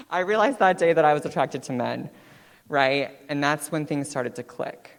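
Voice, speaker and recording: A woman in her twenties, a guest speaker telling her own story on stage in a chatty, animated way, often checking in with "right?". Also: deep voice, normal speed. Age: 20s. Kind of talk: personal storytelling talk. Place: stage in a hall. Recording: long hall reverb.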